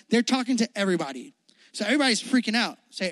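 A man's voice: sits high, very animated, racing, fairly bright tone, no echo. A young man giving a youth sermon in a playful, slangy, joking way, acting out the Bible story. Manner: playful, jokey, slangy, acts out quotes. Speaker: youth pastor.

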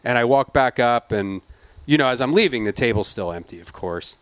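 A man on a podcast tells a rant in a loose, cursing, animated way, acting out each voice. His pitch sits in the middle range. The sound is dry and close, with no room echo. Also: fairly quick. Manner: profane, animated storyteller who acts out quotes. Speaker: podcast host. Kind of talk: casual ranting story.

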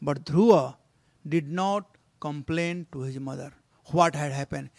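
A man's voice: fairly high pitch, measured pace, creaky, dry recording. Male preacher, sermon storyteller. Earnest, exhorting, dry close sound.

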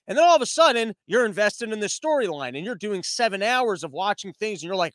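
A sarcastic male podcast host with a high voice runs through his list of topics in a loose comedic monologue. He wanders into tangents and mocks his subjects. The sound is dry and close on the mic. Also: sing-song, quick pace, few pauses, fairly bright tone, no echo. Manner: sarcastic, rambling, tangent-prone.

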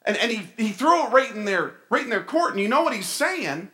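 A male pastor preaching a sermon in a church, animated and asking his congregation questions. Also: sits high, fairly quick. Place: church sanctuary.

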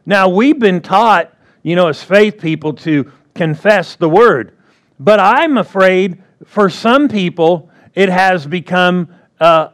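A man's voice: high voice, slow pace, fairly bright tone. A man preaching a sermon in a conversational way, often checking in with the congregation. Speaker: pastor.

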